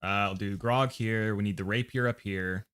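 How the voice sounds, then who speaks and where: Man, American accent, lowish voice, casual livestream chatter, muttering to himself. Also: fairly even intonation, moderate pace, a bit bright, clean tone. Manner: muttering to himself while planning a loadout. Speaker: streamer. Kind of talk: casual livestream gameplay chat.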